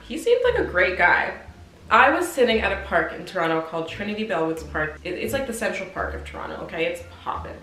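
A woman in her twenties telling a casual storytime, animated and slangy, acting out the dialogue. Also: lowish voice, a little hiss or hum. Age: 20s. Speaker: vlogger. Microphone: compact camera mic. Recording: roomy sound with faint music.

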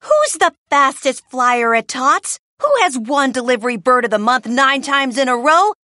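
A woman's voice: high-pitched, normal speed, dry recording, studio quality, full character voice. A woman voicing an eager, loyal young male penguin in a storybook, cheering his friend on. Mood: encouraging. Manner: excited, cheering.

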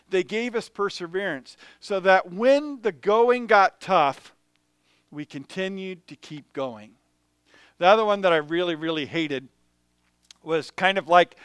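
A man delivers a sermon in a church, spinning lively personal anecdotes. His voice is smooth and resonant, bright in tone. The sound is dry and close, with little room echo. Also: on the high side. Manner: storytelling, animated, chuckles between anecdotes. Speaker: pastor. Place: church sanctuary.

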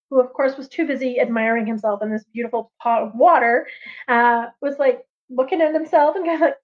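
A woman telling a traditional story on a livestream, lively and chatty, with casual asides. Her voice is high, and the audio is dull and lo-fi. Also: fairly quick.

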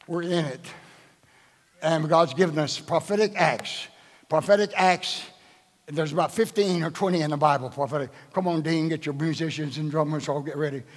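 An older man, a bishop, preaching a sermon at a live church service and quizzing the congregation with rhetorical questions. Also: a little high. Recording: echoing church hall.

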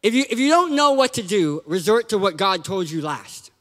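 A man preaching a lively sermon in a church, joking and acting out quotes with sudden shouts. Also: high voice, moderate pace, in a large hall. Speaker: guest preacher.

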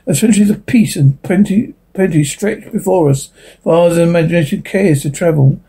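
Old doctor guy lecturing away, husky low-toned voice, a man reading him. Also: fairly quick, mellow, full character voice, low-quality recording. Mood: expansive. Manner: lecturing, persuasive. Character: elderly male doctor, smooth, lecturing.

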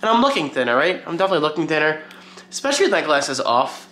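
A man's voice: a little high, sing-song, rapid-fire, bright, forceful tone. A man vlogging in a casual, rambling, self-deprecating way about his day. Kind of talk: casual daily vlog chat.

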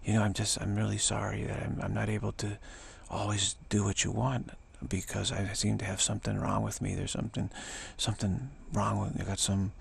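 Gravelly husky voice, meek saintly woman acting like a tiny girl, put on by a man, apologetic, halting. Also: on the low side, completely flat delivery, exaggerated voice.

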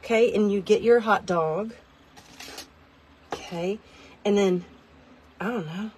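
A woman vlogging a chatty product demo from inside a tiny car, rambling, self-deprecating and easily excited. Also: medium pitch, slow pace, slight background noise.

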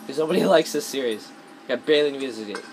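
A man's voice: medium pitch, quick pace. Rambling, swearing man over game noise. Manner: rambling, self-conscious, swears often. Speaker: let's play gamer. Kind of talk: rambling gameplay commentary. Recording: noisy with game audio. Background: loud gunfire and game sounds.

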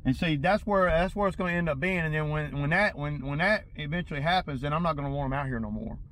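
Lawn-care boss, higher-pitched man's voice, venting to camera in a rambling, agitated way, with faint outdoor noise behind him. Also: quick pace, fairly bright tone, low-quality recording. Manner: agitated, rambling, stumbles and repeats himself. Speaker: lawn care business owner. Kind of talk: casual vlog rant to viewers.

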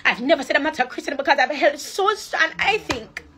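A woman with a high, animated voice, fairly bright in tone, speaks a little fast into her phone. It's a passionate livestream rant, preachy and emotional, with moments of crying and frequent switches between patois and standard English.

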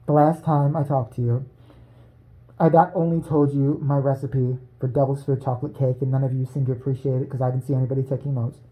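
A man voicing a deadpan, weary woman producer who gives grim announcements in a flat, exasperated way. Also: medium pitch, a little fast, close to an everyday voice, poor audio. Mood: grumbling.

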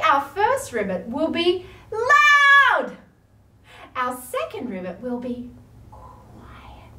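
A woman's voice: high-pitched, sharp tone, slight background noise. A woman with an Australian accent leading an online yoga class for toddlers, talking in a playful sing-song way with big gasps of surprise. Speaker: kids' yoga teacher. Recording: roomy, distant mic with faint ambience.

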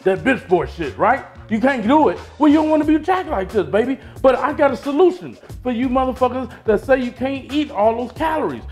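A man hosting a fitness vlog, talking loud, hyped and slangy with a boastful edge. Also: extremely high pitch, expressive, a little fast, few pauses, faint music behind. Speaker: fitness vlogger. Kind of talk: casual vlog.

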